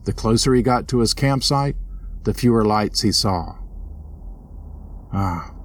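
A man narrating a scripted ghost story in a steady storytelling manner. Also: moderate pace, slight background noise. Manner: steady storyteller, voices characters with lifted pitch. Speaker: narrator and host.

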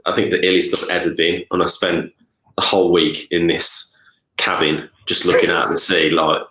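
A man with a very low voice chats casually as co-host, meandering through his thoughts and tagging his sentences with "isn't it?". The room around him rings with echo, so his voice sounds roomy rather than close. His talk is relaxed and unscripted. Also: moderate pace. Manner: rambling, with frequent "isn't it?" tags. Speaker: podcast co-host, company co-founder. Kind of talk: casual chat.

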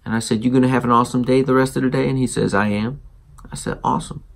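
A man hosting a parenting show, telling a story and acting out the dialogue in an animated way. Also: medium pitch, quick pace, creaky. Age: adult parent. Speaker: podcast host. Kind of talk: storytelling monologue.

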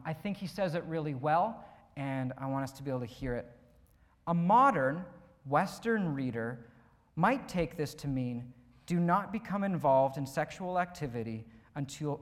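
Chatty male preacher in an echoing hall. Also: a little high. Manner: chatty, filler-heavy, asks the congregation questions. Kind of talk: conversational sermon. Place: church.

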